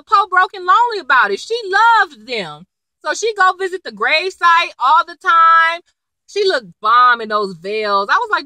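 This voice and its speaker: A young woman with a high, very bright voice chats through a TV episode recap. She is slangy and animated and acts out the characters' lines, and her pitch swings all over. The sound is dry and close. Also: dry recording, rough recording. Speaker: TV episode reviewer. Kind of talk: casual chatty recap.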